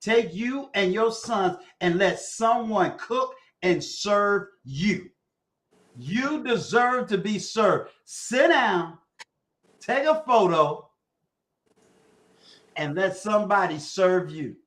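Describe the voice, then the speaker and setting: A man giving a preacher-style blessing on a livestream, repeating phrases and building to shouts. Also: high-pitched, expressive, slow. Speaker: guest giving a prayer on a livestream.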